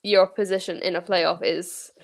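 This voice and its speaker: A woman's voice: lowish voice, fairly even intonation, normal speed. A woman co-hosting a golf podcast, talking casually with many fillers. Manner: conversational, fillers, likes. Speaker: podcast co-host. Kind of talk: casual golf news chat.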